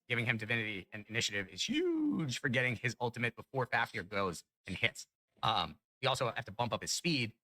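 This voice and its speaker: Fast, bright-voiced excitable gamer man. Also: no echo, low-quality recording. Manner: excitable, chatty, bursts into high-pitched excitement at drops. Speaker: gaming YouTuber. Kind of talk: casual gameplay commentary. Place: home room.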